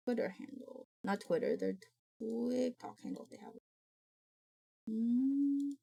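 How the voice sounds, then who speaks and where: A woman's voice: medium pitch, lively intonation, slow, gravelly, warm tone, breathy edge. A woman streamer in casual live-stream chat, rambling and greeting her viewers by name. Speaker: VTuber streamer.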